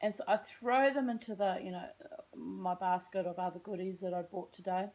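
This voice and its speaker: A woman's voice: fairly low pitch, fairly even intonation, normal speed, darkish tone, poor audio. Rambling, chatty Australian woman. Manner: chatty, tangential, self-mocking, slips into put-on American voices. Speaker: vlogger. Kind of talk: rambling storytelling vlog to camera.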